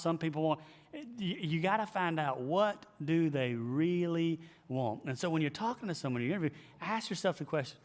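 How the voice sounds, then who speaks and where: A man who is a pastor, giving an emphatic, animated leadership teaching and repeating his key phrases. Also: fairly high pitch. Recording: long hall reverb.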